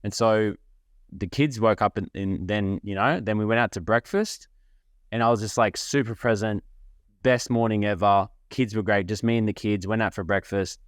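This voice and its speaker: A man with a deep, low voice tells a candid personal story as the host of his own show. His talk rambles and turns emotional, packed with "like" and the occasional swear. The sound is dry and close, with no room around it. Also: steady tone, moderate pace, no room sound. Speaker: podcast host.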